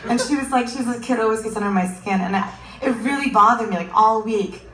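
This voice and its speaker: Higher-voiced woman doing stand-up. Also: fast, distant mic. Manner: animated storytelling with voices of kids and friends. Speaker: stand-up comedian. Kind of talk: stand-up comedy set. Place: comedy venue with audience. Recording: echoey live venue, crowd noise.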